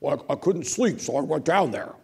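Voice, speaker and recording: A gruff, impatient old judge, as a man puts him on for an anecdote, pitched well above the teller's own voice and pushed loud. He is blunt and exasperated, with a gravelly edge. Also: lively intonation, a little fast, exaggerated voice. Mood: insistent.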